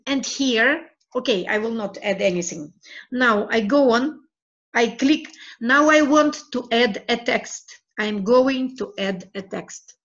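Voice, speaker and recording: Woman teacher, slightly high voice, slow and halting screencast walkthrough, dull lo-fi sound. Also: a bit bright. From Russia. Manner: slow, halting, repeats her words as she clicks through steps. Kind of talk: screencast tutorial.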